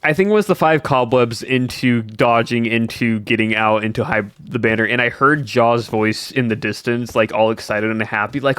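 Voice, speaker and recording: A man's voice: mid-range voice, normal speed, few pauses, fairly bright tone, clear, resonant tone, no room sound. A young man streaming, chatting casually with his viewers in a rambling way and answering their comments as he goes. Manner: rambling, answers chat between stories. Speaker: livestreamer.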